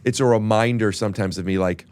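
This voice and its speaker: A man's voice: on the low side, steady tone, fast talker, a little mellow, clean tone, no echo, clean studio sound. A man hosting a podcast, talking earnestly and emotionally, stumbling through restarts. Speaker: podcast host. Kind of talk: casual podcast chat.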